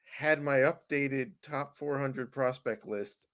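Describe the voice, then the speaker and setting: A man's voice: mid-range voice, slow, fairly bright tone. A man in casual podcast chat as a fantasy sports analyst guest, explaining at length with fillers and easy chuckles.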